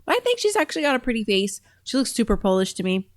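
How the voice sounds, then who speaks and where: A woman's voice: a little high, sing-song, fast talker, no echo. A woman hosting a show and reacting to videos in a chatty, rambling way, often laughing. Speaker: host. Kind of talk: casual reaction commentary.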